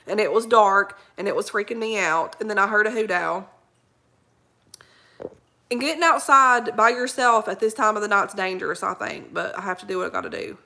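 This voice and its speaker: Folksy gal chatting live with viewers, laughs a lot, real bright voice. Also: female voice, medium pitch, normal speed, creaky. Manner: rambling, laughs often, folksy slang. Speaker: livestream host reading viewer comments. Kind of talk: casual live chat.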